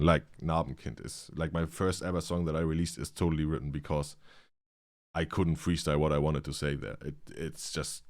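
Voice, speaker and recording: A man with a German accent, a native German speaker, hosting a reaction video in casual commentary, halting and restarting his sentences as he searches for words. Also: extremely low pitch, a little mellow, no room sound, clean studio sound. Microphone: studio dynamic microphone.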